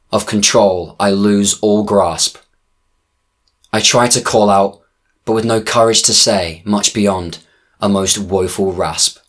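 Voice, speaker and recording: Slow, low man reciting poetry. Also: a bit bright. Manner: slow, deliberate, dramatic verse delivery. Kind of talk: spoken-word poetry recitation.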